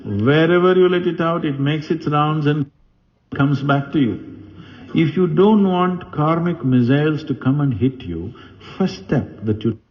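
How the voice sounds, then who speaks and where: A spiritual teacher with a voice on the high side gives a talk, animatedly telling stories and posing questions to his audience. The recording is muffled, with a little hiss or hum.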